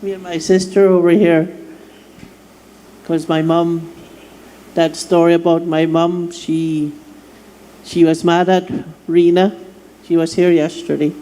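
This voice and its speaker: 反響する会場で笑い話をする男性. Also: male voice, a little high, takes it slowly, long pauses. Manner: animated storyteller, laughing, acting out quotes. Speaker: workshop participant. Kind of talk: telling a funny personal story. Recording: echoey hall with faint noise.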